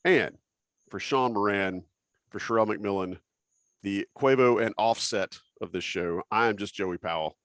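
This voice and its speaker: A man's voice: on the low side, unhurried, fairly bright tone, no room sound. A man hosting a casual sports podcast, joking loosely and reading out listener names. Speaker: podcast host.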